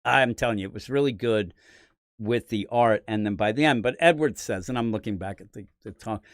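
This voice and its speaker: Excitable man chatting about comics. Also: on the low side, a little fast, no echo, studio quality. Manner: animated, rambling, laughs often. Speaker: podcast host. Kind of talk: casual comic book chat.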